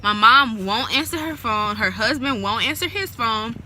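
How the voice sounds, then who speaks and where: A woman's voice: on the high side, expressive, normal speed. A young woman talking casually to her phone camera in a chatty, slangy, rambling way, partly outdoors by a parked car. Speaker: vlogger. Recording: loud street noise outdoors.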